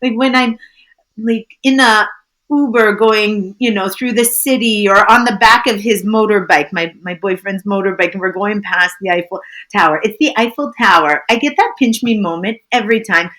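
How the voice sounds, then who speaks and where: A woman's voice: mid-range voice, moderate pace, a bit bright. A woman from Canada, guest on an interview, chatting casually and enthusiastically, acting out little bits of dialogue as she tells stories. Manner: enthusiastic storyteller, acts out dialogue. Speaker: guest, tour business founder.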